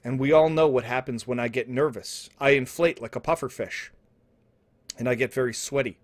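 Guy telling a dumb story totally straight, rambly, mumbles then gets loud, young dude. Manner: rambling, with restarts and asides, swinging from low mumbles to loud outbursts. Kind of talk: deadpan absurd comedy storytelling. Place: indoor home setup, streaming.

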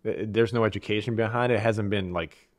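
A man from Eastern Europe talking as a podcast guest in casual, reflective conversation, measured and restarting his phrases as he thinks. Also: on the low side, steady tone, no room sound, studio quality.

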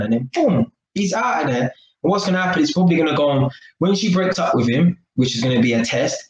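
A man's voice: high-pitched, expressive, brisk, echoey room, a little hiss or hum, poor audio. A man giving a casual live-stream talk to his viewers, chatty and full of tag questions. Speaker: vlogger.

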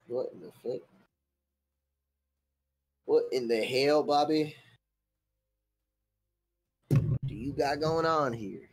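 A man's voice: medium pitch, slow, pauses often, darkish tone, slightly rough. A young man chatting casually with a friend while gaming, laid-back and joking. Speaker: gaming teammate.

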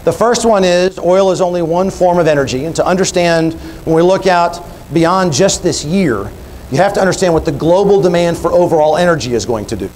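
A man's voice: high voice, animated, a little fast, darkish tone, a little hiss or hum, low-quality recording. A man speaking at an industry conference, telling a story and walking through numbers in an explanatory way. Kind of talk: keynote speech. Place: conference hall.

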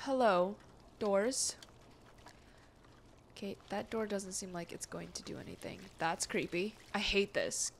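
A woman's voice: medium pitch, a little slow, creaky, pauses often. A young woman hosting a gaming channel, reacting to the game as she plays, easily startled, talking to the game and her chat with gasps and exclamations. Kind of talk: casual let's-play commentary.

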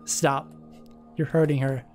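A woman's voice: extremely low pitch, steady tone, slow, a little mellow, faint music behind. A woman voicing a young woman who pleads with the men around her. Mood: pleading.

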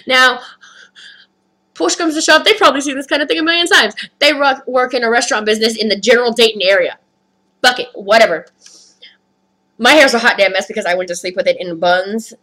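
A woman's voice: high-pitched, moderate pace, pushed and bright, poor audio. A woman vlogger ranting through a storytime with heavy swearing, upset and rattled. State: upset, skin crawling. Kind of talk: storytime rant.

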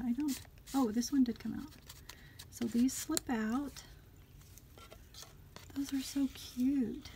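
A woman, chatting through an unboxing of craft gifts at home, gushing and often murmuring asides softly. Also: a little high, slight background noise. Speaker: craft vlogger.

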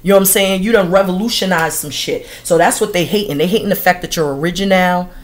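Woman doing a tarot reading, slangy and cussing, keeps laughing, kinda low voice. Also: fast. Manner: slangy, profane, laughs often, addresses viewers as y'all. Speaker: tarot reader. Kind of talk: casual astrology reading monologue.

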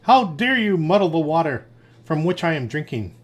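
A man voicing a hungry, bullying male wolf in a read-aloud fable, gruff and demanding. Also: fairly high pitch, lively intonation, a little fast.

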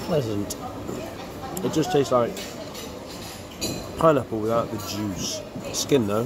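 At a tropical resort, a male travel vlogger gives casual commentary with wry, chatty food-tasting asides. He speaks slowly in a lowish voice, with crowd noise and background ambience behind him.

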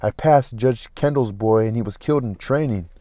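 A man's voice: medium pitch, moderate pace, mellow, no echo, clean studio sound, natural voice. A man reading aloud, voicing a weary, stern, gaunt middle-aged man who speaks in a subdued, tired way.

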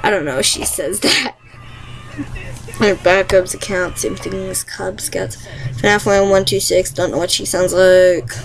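A woman's voice: lowish voice, measured pace, low-quality recording. A young woman vlogging an impression challenge, giggly and self-mocking, rambling between tries.

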